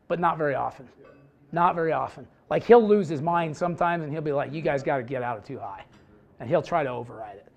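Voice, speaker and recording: A man, a high school football head coach, giving a casual clinic presentation in a blunt, joking way with some swearing. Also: a little mellow. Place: presentation room with a live audience.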